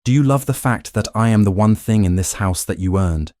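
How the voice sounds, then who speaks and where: A man voicing a young woman who speaks flatly and bitterly, her voice trembling. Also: lowish voice, fairly quick, no room sound, studio quality, lightly acted. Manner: flat, trembling, accusing.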